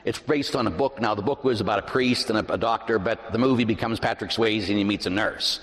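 A middle-aged man, a pastor, preaching a sermon in a large church, animated and shifting between loud emphasis and hushed asides. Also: fairly low pitch, a little fast. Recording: reverberant church.

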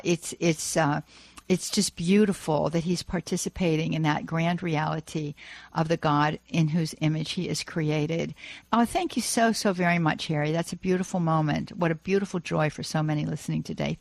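Effusive woman hosting a call-in show. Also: lowish voice. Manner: effusive, gushing praise, many fillers. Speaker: radio call-in show host. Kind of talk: Catholic radio call-in hosting. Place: radio studio.

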